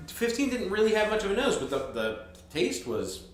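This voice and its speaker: A man co-hosting a casual whisky review, joking around with his friends. His pitch moves around a lot, and the room gives his voice a heavy echo. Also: huge pitch swings, normal speed. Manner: joking, playful banter. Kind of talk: casual chat. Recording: very echoey room with faint noise.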